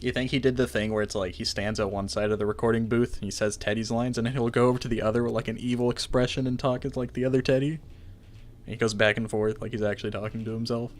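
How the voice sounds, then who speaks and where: A man's voice: medium pitch, little pitch movement, quick pace. A man hosting a game playthrough, reading the story text aloud and breaking off with dry, joking asides. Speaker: let's play host.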